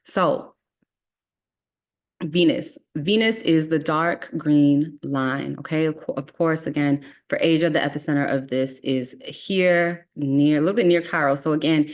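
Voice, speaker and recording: Low-voiced chatty woman teaching astrology. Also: normal speed, a little mellow. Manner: chatty, reassuring, frequent "okay?" check-ins. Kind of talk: casual online class.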